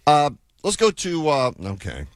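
A man's voice: on the high side, huge pitch swings, unhurried, no echo. A man hosting a sports talk radio show, taking calls and bantering with his co-host.

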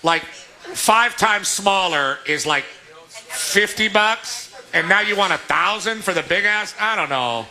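A man's voice: high voice, animated, takes it slowly, bright, forceful tone. A man from Southern California hosting a live sports radio remote from a restaurant, joking and often laughing. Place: restaurant, indoors public space.

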